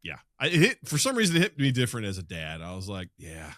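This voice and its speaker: A man in his thirties co-hosting a casual podcast, animated, laughing and swearing as he chats. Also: mid-range voice, fast talker, no room sound, clean studio sound. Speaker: podcast co-host.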